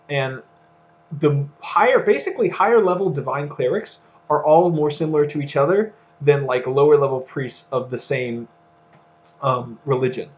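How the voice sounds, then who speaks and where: A man's voice: mid-range voice, muffled recording. A man co-hosting a casual podcast discussion, thinking aloud with many fillers and restarts. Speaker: podcast co-host.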